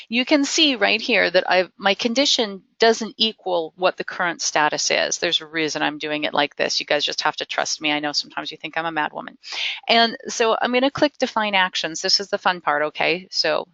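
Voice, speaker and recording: A woman leading a live software training webinar, chatty and enthusiastic, with frequent ums and restarts. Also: on the low side, normal speed, creaky, dry recording. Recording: dry, slightly dull web-call audio.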